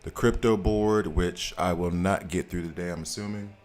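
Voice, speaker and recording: An American man chats casually on a live game stream, greeting viewers and laughing often, with soft music in the background. His voice is low-pitched and steady at a normal speed, with a little hiss or hum.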